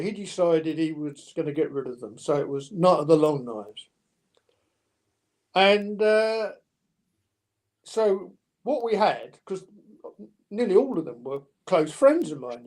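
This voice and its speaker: An older man telling stories in an interview, lively and anecdotal, acting out the dialogue. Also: sits high. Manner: anecdotal, animated, with mimicked dialogue. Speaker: podcast guest. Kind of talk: storytelling interview.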